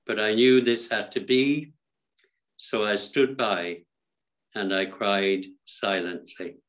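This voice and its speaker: A man reading a prayer meditation in the voice of a grieving mother whose son is condemned, in a quiet, reflective way. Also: fairly low pitch, fairly even intonation, slow pace. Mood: sorrowful.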